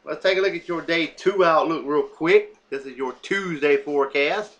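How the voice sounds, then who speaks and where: A man giving an unscripted weather briefing, halting with many fillers and self-corrections. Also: fairly high pitch, fairly bright tone, lo-fi sound. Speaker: weather forecaster.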